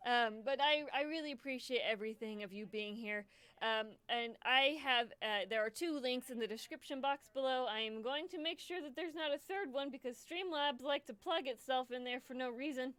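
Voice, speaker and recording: A woman's voice: sits high, normal speed, fairly bright tone, clear, resonant tone, no echo. A young woman hosting a charity livestream, emotional and choked up, stammering and repeating herself as she talks casually to her viewers. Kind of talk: casual live stream chat.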